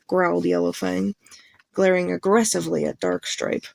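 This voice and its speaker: A woman reading a novel aloud as a fan audiobook, narrating in an even, plain storytelling manner. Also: lowish voice, normal speed, vocal fry, no room sound.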